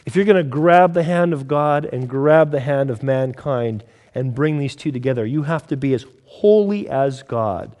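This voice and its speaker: A man preaching a sermon in a conversational, storytelling way, acting out the characters with lively quotes. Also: mid-range voice, moderate pace, hardly any pauses.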